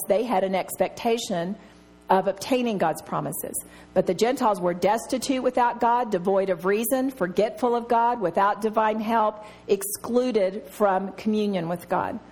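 A woman's voice: medium pitch, moderate pace, darkish tone. A middle-aged woman teaching a Bible study, telling personal stories and laughing often.

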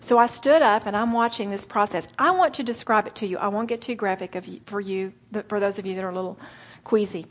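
A middle-aged woman preaching earnestly to a women's gathering, slowing for emphasis and dropping to soft whispered asides. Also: medium pitch. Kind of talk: sermon.

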